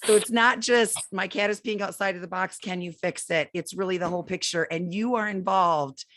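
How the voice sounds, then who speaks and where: A woman co-hosting a podcast, her voice hoarse and raspy from an illness, chatting in a joking, self-deprecating way. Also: on the low side, fairly quick, a bit bright, slight background noise. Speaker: podcast co-host. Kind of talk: casual podcast chat.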